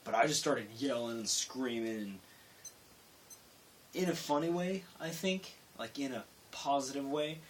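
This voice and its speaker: A man's voice: medium pitch, a little slow, recorded from a distance. Rambling young man with faint hiss. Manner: rambling, self-interrupting, with loud acted-out quotes. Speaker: vlogger. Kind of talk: late-night storytelling vlog. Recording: faint hiss, voice a bit off-mic.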